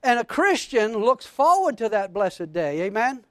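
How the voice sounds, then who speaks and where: A man preaching a sermon as pastor, fervent and calling out to his congregation, reading scripture with rising excitement. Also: high voice, unhurried, no echo, clean studio sound.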